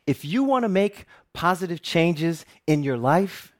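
A middle-aged man, a television reporter, telling a personal story in a talk with animated, joking delivery. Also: measured pace, hardly any pauses. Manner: animated, jokey storytelling with big pitch swings.

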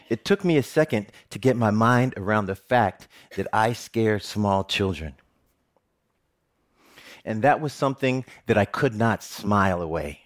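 A middle-aged man giving a personal storytelling speech, humorous and self-mocking. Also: fairly low pitch. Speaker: TV reporter giving a talk.

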